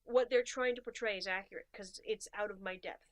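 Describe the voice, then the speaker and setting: A woman co-hosting a casual podcast, chatting and telling stories in an animated way. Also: mid-range voice, fairly quick. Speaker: podcast co-host. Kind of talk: casual chat.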